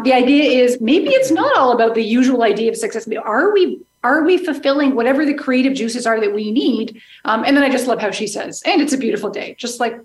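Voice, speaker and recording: A woman's voice: a little high, roomy sound. A woman guest speaking in a reflective, chatty way, poking fun at herself. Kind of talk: conversational interview talk.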